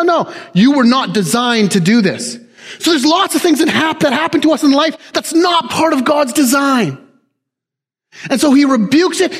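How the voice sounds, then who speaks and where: A man with a notably high voice preaches a sermon, dropping low and quiet, then rising to forceful shouted emphasis. His voice rings with the long reverb of a big church hall. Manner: dynamic preaching, swinging from low hushed lines to loud emphatic shouts.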